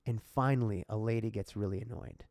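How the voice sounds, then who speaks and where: A man hosts a casual podcast with a gravelly, fry-edged voice. His heartfelt storytelling carries emotion right at the surface. The recording is close and dry. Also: lowish voice, steady tone, brisk, darkish tone, dry recording. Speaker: podcast host.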